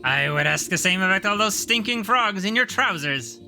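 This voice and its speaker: A sardonic woodland witch from a video game, dry and needling. A man plays her close to his own voice, and it comes out bright and lively, lifted a little above his normal tone. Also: high-pitched, normal speed, vocal fry, faint music behind, pitched above the performer's own voice, exaggerated voice. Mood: scornful.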